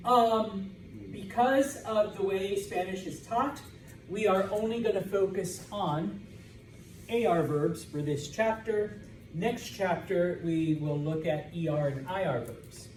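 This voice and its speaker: Pitched high, this American man's voice carries a slight hiss or hum as he leads a Spanish lesson. His style is casual and full of jokes, with a constant "okay?" to make sure the class understands, and students respond in call-and-response fashion. He sounds far away in a reverberant classroom.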